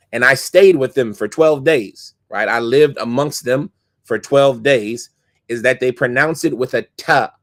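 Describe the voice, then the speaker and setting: A man teaching a mosque class on hadith scholars, reading Arabic passages quickly and explaining terms as he thinks aloud. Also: mid-range voice, no echo, studio quality.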